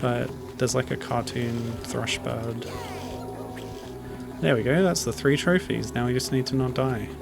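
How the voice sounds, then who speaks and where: A man's voice: mid-range voice, fairly even intonation, unhurried, creaky. A man streaming a video game, chatting casually and rambling off on tangents as he plays. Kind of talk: casual gameplay commentary. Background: game music.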